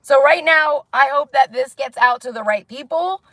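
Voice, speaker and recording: A woman's voice: high-pitched, normal speed, a bit bright, no room sound. A woman vlogger giving a heated, profane monologue to camera, repeating herself and pressing "okay?" after her points. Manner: repetitive, insistent, peppers talk with "okay?".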